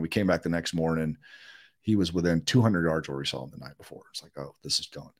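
Deep-voiced man telling a story. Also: quick pace. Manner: animated, acts out quotes of others. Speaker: interview guest. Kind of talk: casual storytelling in a podcast interview.

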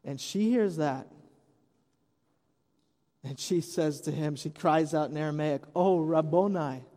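A man's voice: on the high side, unhurried, dark tone. A man preaching an Easter sermon as pastor, retelling the story conversationally with light humor. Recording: long hall reverb.

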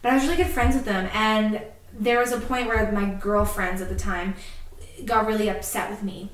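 A woman co-hosting a podcast in casual chat, telling stories with fillers and quick laughs. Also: medium pitch, fairly even intonation, roomy sound, distant mic, low-quality recording. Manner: chatty, laughs often, many fillers. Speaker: podcast co-host.

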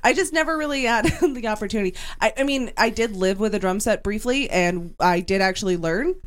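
A woman's voice: medium pitch, a little fast. A woman co-hosting a casual livestream chat, laughing often and cutting herself off mid-sentence. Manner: laughs often, animated and self-interrupting. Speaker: podcast co-host.

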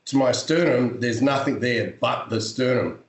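A man's voice: medium pitch, normal speed. A man in casual podcast chat, telling a story bluntly with swearing and dramatic flair. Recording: roomy echo.

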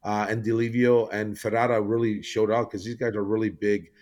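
A man's voice: fairly low pitch, level tone, a little fast, darkish tone. A man from Canada, a podcast guest, telling a long story in casual chat with lots of fillers and restarts. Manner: rambling storytelling with many fillers.

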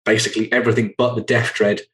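A man, hosting a relaxed chat. He talks in a loose, rambling way, filling his gaps with ums and uhs. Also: on the low side, fast, poor audio. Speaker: host. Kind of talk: casual chat.

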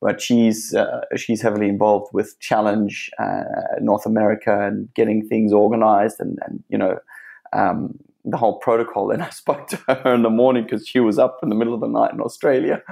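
Gravelly low-voiced man, rambling. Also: flat delivery, moderate pace, mellow. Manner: laughing, rambling, many restarts. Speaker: guest athlete. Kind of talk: casual interview chat.

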